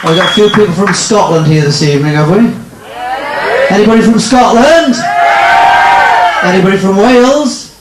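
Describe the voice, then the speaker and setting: A man's voice: high-pitched, moderate pace, pauses often, heavy background noise. A man working as a stage hypnotist, teasing volunteers and the crowd with cheeky banter during a live nightclub show. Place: nightclub stage in front of an audience. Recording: echoey club, loud music and crowd.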